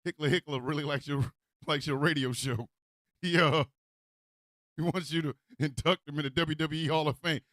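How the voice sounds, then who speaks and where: Casting: high, bright, animated man hosting a comedy radio rant, dry sound. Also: moderate pace. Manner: excitable, swearing, shouts often. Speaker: radio show host.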